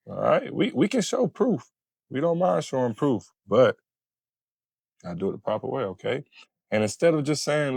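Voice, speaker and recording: A man's voice: mid-range voice, sing-song, moderate pace, creaky, darkish tone, no room sound. A man, coaching listeners in a casual teaching monologue and checking in often. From Florida. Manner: repetitive, checks in with "all right?" often. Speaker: family court advice host.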